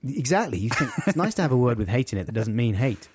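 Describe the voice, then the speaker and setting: A man's voice: mid-range voice, sing-song, fast talker, background noise. A man, co-hosting a radio show in playful, casual banter. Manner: playful, laughs easily. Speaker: radio host. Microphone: studio mic.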